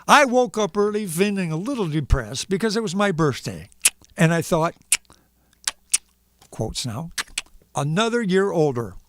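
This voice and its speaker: A man's voice: high-pitched, sing-song, a little slow, long pauses, a bit bright, a little hiss or hum. A man hosting a live stream who gives a playful comedic reading and makes sound effects for punctuation marks.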